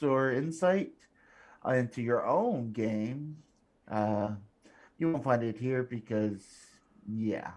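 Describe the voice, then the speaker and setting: Slow-talking male game master. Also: medium pitch. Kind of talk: hosting a tabletop game stream.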